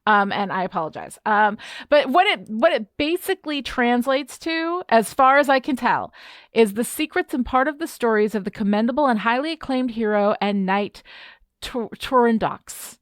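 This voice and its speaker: A woman from New York State, co-hosting a podcast and telling a story in a lively, self-deprecating way. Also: on the high side, normal speed, no room sound, studio quality. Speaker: podcast co-host. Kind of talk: casual chat.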